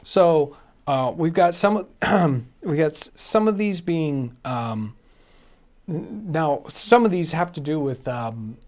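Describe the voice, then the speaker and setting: A man's voice: on the high side, expressive, takes it slowly, a little mellow. A man hosting a casual live stream chat, rambling along with restarts, fillers and laughs.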